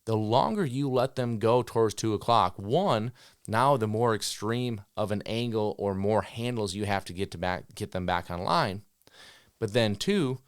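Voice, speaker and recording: A dog trainer gives an instructional talk in a direct, coaching style, acting out owners' commands and the dogs' thoughts in quick voices. His voice is lowish, and the studio-quality recording has no room sound.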